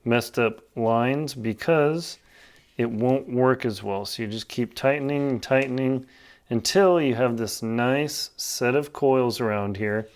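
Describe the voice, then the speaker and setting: A man's voice: mid-range voice, a little slow, clean tone. A man casually demonstrating and explaining a climbing knot step by step, in a plain, practical way while working with his hands. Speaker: outdoor skills instructor. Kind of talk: casual knot-tying tutorial.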